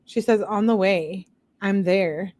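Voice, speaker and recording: A woman hosting a show, reading text messages aloud in a plain, steady way and breaking off for blunt, disbelieving asides to her viewers. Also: medium pitch, slow pace. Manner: reads chat comments aloud to viewers. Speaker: channel host.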